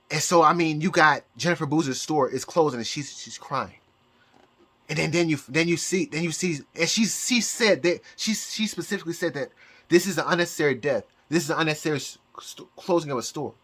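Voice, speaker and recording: A man's voice: fairly high pitch, fairly bright tone. A man vlogging from home in a rambling casual monologue, stumbling over repeated words and restarting sentences. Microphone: camera mic, showing objects.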